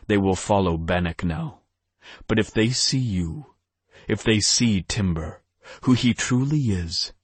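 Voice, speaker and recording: A male narrator voicing a calm, wise ancient vampire who speaks slowly and gravely. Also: sits low, no room sound. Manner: slow, grave, measured.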